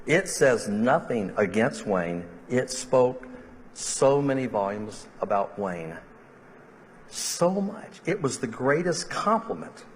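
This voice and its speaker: A middle-aged man, a minister giving a funeral eulogy and telling humorous stories, slipping into lively quoted voices. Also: mid-range voice, takes it slowly, a little hiss or hum. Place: church sanctuary. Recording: long reverb of a large church hall.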